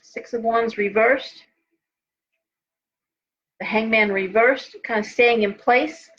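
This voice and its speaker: A woman's voice: fairly high pitch, takes it slowly, a bit bright, lo-fi sound. A tired middle-aged woman hosting a live tarot reading, talking in a chatty, rambling way with many restarts and asides. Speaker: host and tarot reader.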